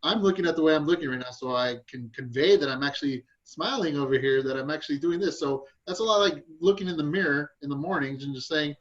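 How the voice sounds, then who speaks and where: Male agent, slightly high voice, muffled remote audio, chatty and upbeat. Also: quick pace, few pauses. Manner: upbeat, chatty, laughs easily. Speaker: real estate agent. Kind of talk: group training chat.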